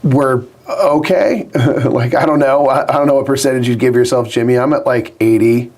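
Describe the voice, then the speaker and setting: A man co-hosting a live board game stream in casual, self-deprecating chat, his voice hoarse after being ill. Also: mid-range voice, moderate pace, darkish tone. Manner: chatty, self-deprecating, troubleshooting aloud.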